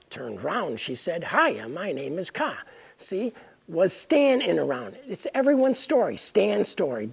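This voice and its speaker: Woman, gravelly and husky, reading a pun-filled tale, slow and swooping. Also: sits low. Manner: playful, pun-laden, lively. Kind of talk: reading her own punning story aloud.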